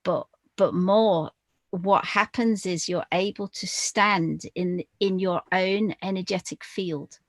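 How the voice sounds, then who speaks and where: A woman speaking as a guest in a spiritual podcast conversation, slow and deliberate, pausing often with fillers. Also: fairly low pitch, fairly even intonation, no echo.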